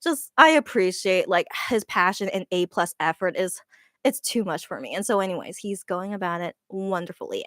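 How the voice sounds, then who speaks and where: A woman's voice: medium pitch, fairly bright tone, dry recording, clean studio sound. A woman casually recapping a live show she saw, gushing and rambling with lots of fillers and restarts.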